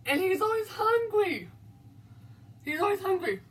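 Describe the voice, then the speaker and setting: A woman's voice: extremely high pitch, big pitch swings, unhurried, voice pushed up, full character voice. A woman voicing a guilt-stricken male friend who confesses in tears, his words urgent and ominous. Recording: distant mic, faint background noise.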